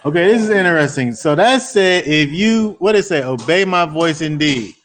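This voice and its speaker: A man's voice: fairly high pitch, expressive, normal speed, fairly bright tone, slight background noise. A man teaching a Bible study to a small group, talking conversationally and repeating words as he builds emphasis.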